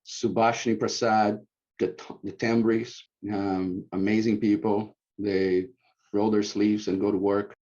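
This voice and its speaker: A man, a former bishop, telling stories at a church gathering in a casual, animated way, acting out quoted lines loudly. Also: lowish voice, a little slow. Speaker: former bishop sharing ward memories. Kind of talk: informal reminiscing talk. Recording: muffled lo-fi recording.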